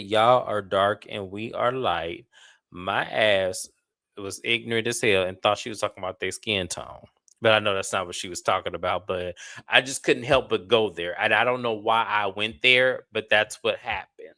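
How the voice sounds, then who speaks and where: A man hosting a casual reality TV recap, blunt and animated, full of slang. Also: on the low side, moderate pace, dry recording. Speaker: reality TV review host.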